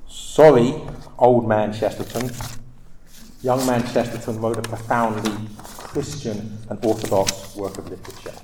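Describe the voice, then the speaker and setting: A man's voice: fairly low pitch, fairly even intonation, a little slow, noisy background. A man giving a lecture on literature and faith, speaking emphatically and reading quotations with dramatic weight. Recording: echoey room.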